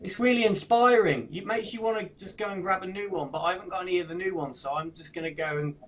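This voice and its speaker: Co-host, a man with a fairly high voice and a dry, joking delivery. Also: fast, a bit bright, slight background noise. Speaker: quiz co-host. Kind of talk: live-stream banter.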